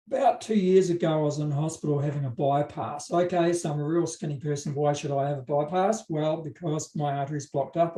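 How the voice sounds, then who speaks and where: A man's voice: a little high, warm tone. Give me a man preaching a conversational sermon, telling stories with joking asides. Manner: casual storytelling with joking asides. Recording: roomy hall from a distant mic.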